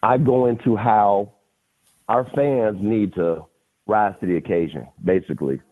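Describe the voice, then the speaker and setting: Animated middle-aged man on a tinny line. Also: lowish voice, measured pace. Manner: animated, slangy, keeps addressing the host. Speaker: podcast guest. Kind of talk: casual storytelling. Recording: tinny phone-like audio.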